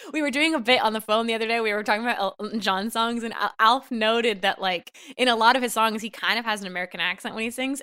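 A woman's voice: a little high, pushed and bright, clear, resonant tone. A woman co-hosting a comedy podcast, chatty and upbeat with frequent giggles. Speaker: podcast co-host. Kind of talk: casual comedic banter.

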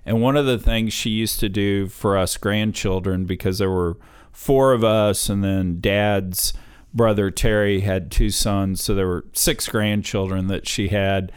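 A man's voice: fairly low pitch, fairly even intonation, unhurried, clear, resonant tone. A middle-aged man hosting a casual talk with his father, telling family stories in a chatty way. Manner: chatty storyteller, laughs while telling stories. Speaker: podcast host interviewing his father.

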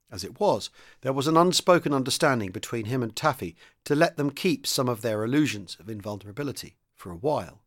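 Man reading a novel aloud, steady. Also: mid-range voice. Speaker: reader. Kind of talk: audiobook-style novel reading.

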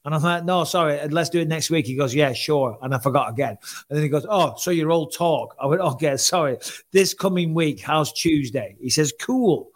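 A man's voice: fairly high pitch, a little fast. Chatty man telling stories. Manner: storytelling, acts out quoted exchanges. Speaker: podcast co-host. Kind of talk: casual chat.

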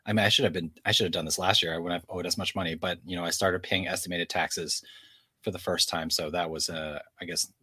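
A man's voice: low voice, fairly even intonation, a little fast, pushed and bright, husky, no room sound. A man co-hosting a podcast, chatting casually with dry, self-mocking humor. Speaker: podcast co-host.

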